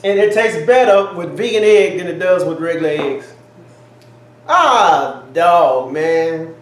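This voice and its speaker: A man's voice: high-pitched, animated, takes it slowly. A man co-hosting a home cooking taste test, exclaiming and chatting folksy in a kitchen. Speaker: cooking channel co-host. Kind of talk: casual taste-test chat. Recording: echoey kitchen, faint ambience.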